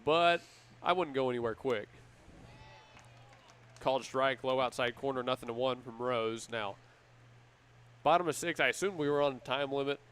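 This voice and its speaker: A man doing live play-by-play commentary for a baseball game with energetic, measured play-calling. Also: mid-range voice, clear, resonant tone. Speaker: play-by-play announcer.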